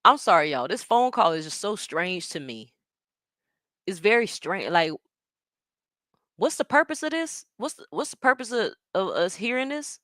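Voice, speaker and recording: A woman's voice: mid-range voice, big pitch swings, moderate pace, fairly bright tone, no room sound, studio quality. A woman hosting a watch party stream, reacting in casual commentary and talking straight to her viewers with laughs and asides.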